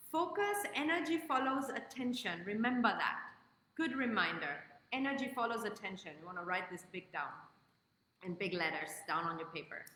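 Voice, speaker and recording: A woman hosting a live-stream coaching session, greeting viewers by name and leading slow guided breathing. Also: fairly high pitch, bright, forceful tone, a little hiss or hum. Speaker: host and life coach. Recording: echoey room with long reverb.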